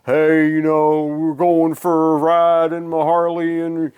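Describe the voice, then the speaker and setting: A man's voice: on the high side, monotone, takes it slowly, smooth, lo-fi sound. A man putting on a laid-back, drawling male rock singer in a mocking impression.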